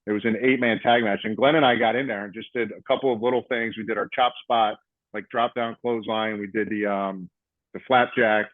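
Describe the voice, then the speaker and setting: A man's voice: fairly low pitch, a little fast, no echo. A man in his fifties hosting a casual podcast, telling stories and acting out what others said. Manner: animated storyteller, acts out quotes. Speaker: podcast host, former wrestler. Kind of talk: casual storytelling chat. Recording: tinny phone-like call audio.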